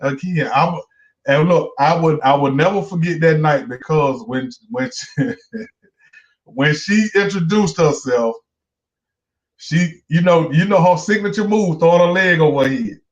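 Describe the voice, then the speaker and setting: Muffled lo-fi stream audio captures a host and comedian from Georgia, US, whose fairly high voice carries a Southern accent at a measured pace. He's rambling through a profane story in casual conversation.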